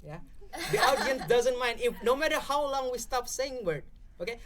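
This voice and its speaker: A man's voice: very high-pitched, expressive, normal speed, fairly bright tone. Indonesian-accented young man explaining. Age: young adult. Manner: explanatory, keeps checking in with "okay?". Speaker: podcast guest speaker. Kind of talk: casual explanatory podcast talk.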